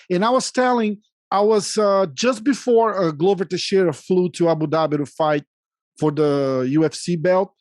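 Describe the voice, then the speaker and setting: A man's voice: high-pitched, a little mellow, no echo, clean studio sound. A man speaking earnestly and emphatically in casual chat, repeating his points.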